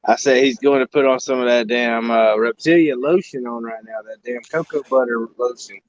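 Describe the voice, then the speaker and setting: A man's voice: medium pitch, normal speed, no room sound. A man joking and teasing in casual podcast banter. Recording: dull lo-fi audio.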